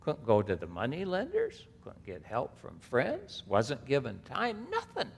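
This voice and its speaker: A male pastor preaches slowly and deliberately, his pitch swinging widely as he stresses key words. He reads scripture aloud and then steps aside to comment. The voice carries with a long reverb, as in a church sanctuary. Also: huge pitch swings, vocal fry, a little hiss or hum. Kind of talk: expository sermon.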